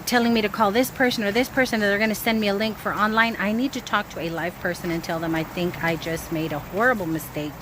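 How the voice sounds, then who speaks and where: A woman's voice: medium pitch, fast, few pauses. Chatty woman vlogging outdoors, noisy. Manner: anxious, chatty storytelling. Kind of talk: casual vlog talking to camera. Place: outdoors by a grill. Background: wind and outdoor ambience.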